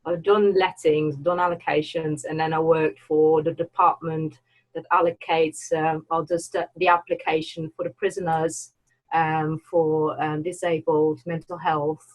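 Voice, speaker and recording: A woman's voice: deep voice, little pitch movement, measured pace, low-quality recording. A woman from the Netherlands with a Dutch accent tinged by Birmingham speech, chatting casually as a guest, laughing often and hesitating with fillers. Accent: Dutch with Birmingham (Brummie) tinge. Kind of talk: casual chat.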